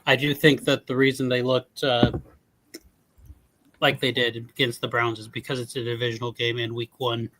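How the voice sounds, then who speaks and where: A man in a casual sports chat, calm and reasoned. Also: mid-range voice, moderate pace, a little hiss or hum, poor audio.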